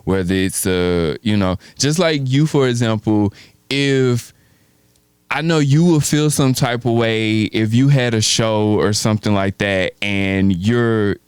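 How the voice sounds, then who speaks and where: Recorded with studio quality and no room sound, a podcast co-host speaks in a smooth, fairly low voice at a measured pace. He's telling a story in relaxed chat, performing the quoted lines himself.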